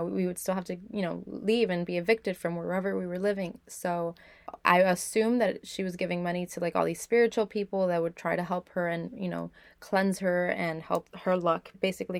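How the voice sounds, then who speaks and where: A woman's voice: fairly low pitch, creaky, no room sound. A young woman podcast host candidly telling her own life story in a reflective way, with many "like" fillers. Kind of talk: personal storytelling.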